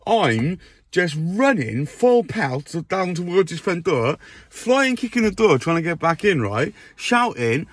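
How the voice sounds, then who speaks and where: A man with a high-pitched voice tells a rambling storytime monologue, often checking in with his listener using "right?" tags. There's no echo.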